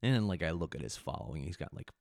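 A man's voice: extremely low pitch, sing-song, quick pace, vocal fry, no room sound, studio quality. A man hosting a solo podcast, rambling and self-mocking, with restless restarts and sudden bursts of energy. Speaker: podcast host.

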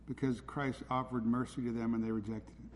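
A man's voice: mid-range voice, level tone, fairly quick, a little mellow. Urgent male preacher in a reverberant hall. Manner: urgent, pleading, emphatic. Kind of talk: sermon. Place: church hall. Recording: hall reverb with faint ambient noise.

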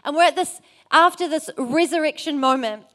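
Woman preacher, earnest storytelling sermon, high voice. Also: moderate pace, fairly bright tone. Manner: earnest, storytelling with acted quotes.

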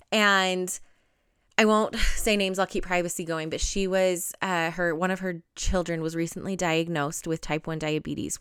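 A woman's voice: fairly low pitch, fairly bright tone, smooth, no echo, studio quality. A woman in her thirties hosting a solo podcast, talking earnestly and emotionally with lots of casual fillers. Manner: earnest and emotional, with frequent "like" and "right?". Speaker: podcast host.

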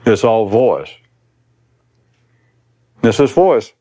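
A man's voice: mid-range voice, very animated, normal speed, a little mellow. A man giving a recorded spiritual talk to an audience, rambling and blunt, swearing casually as he teaches.

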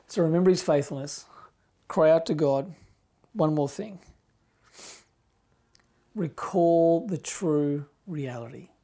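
A middle-aged man preaching a sermon as pastor, impassioned, moving between loud emphasis and hushed near-whispers. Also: fairly high pitch, slow pace, pauses often.

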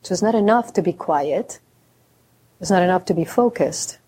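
Warm-voiced woman giving a dharma talk. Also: fairly low pitch, expressive, slightly rough. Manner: reflective, slows to stress key words; candid, self-deprecating humor. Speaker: Zen teacher.

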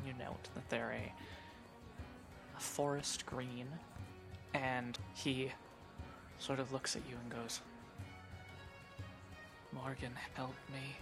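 Woman game master, low voice, takes her time describing stuff, some uhs. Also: flat delivery, gravelly, music in the background. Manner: slow, descriptive, with hesitations. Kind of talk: narrating a tabletop game.

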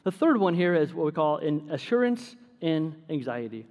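A man's voice: on the high side, big pitch swings, moderate pace, darkish tone. A middle-aged man preaching a sermon as pastor, telling stories with self-deprecating humor. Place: church sanctuary. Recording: long hall reverb.

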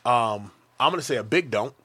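A man in his thirties holds forth on a podcast with blunt, profane bluntness. He jumps into mocking put-on voices to act out what others say. His voice sits at a middling pitch. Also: animated, a little fast, sharp tone. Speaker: podcast co-host. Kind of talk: crude casual banter.

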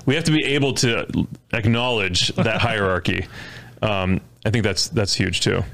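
A man's voice: on the low side, normal speed, gravelly, a bit bright. A man hosting a casual podcast discussion, talking earnestly and restarting phrases as he thinks. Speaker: podcast host. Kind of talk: casual chat. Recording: studio.

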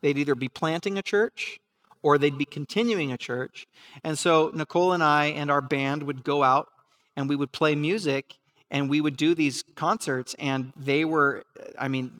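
Earnest halting man preaching a story. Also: fairly high pitch. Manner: earnest, halting with restarts and fillers, laughs at himself; acts out remembered voices softly. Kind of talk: sermon storytelling.

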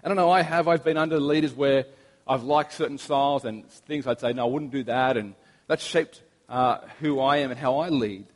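A young Australian man preaching a sermon, telling relaxed, anecdotal stories with humor. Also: fairly high pitch, normal speed. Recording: long reverb of a large hall.

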